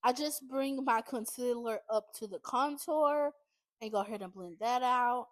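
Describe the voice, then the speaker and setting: A chatty woman doing a casual makeup tutorial, her voice sitting fairly high. She keeps checking in with viewers, tossing in y'all and okay. The sound is close and dry, with no room behind it. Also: unhurried, no room sound. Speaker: beauty vlogger.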